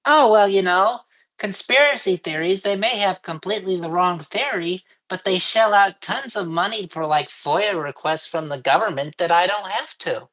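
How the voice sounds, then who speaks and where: A woman chatting casually as a co-host, with dry, deadpan humor and stumbling restarts. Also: medium pitch, normal speed, rough recording. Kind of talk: casual chat.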